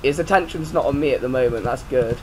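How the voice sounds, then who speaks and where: A man's voice: medium pitch, quick pace, noisy background. A man giving let's play commentary, jumpy and prone to swearing, yelping and shrieking when startled. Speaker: gaming YouTuber.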